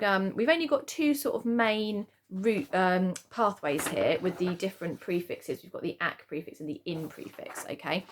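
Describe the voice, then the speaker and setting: Gravelly-voiced woman teaching a spelling lesson. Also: on the low side, slight background noise. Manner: chatty explanations, frequent "okay?" check-ins. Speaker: primary school teacher.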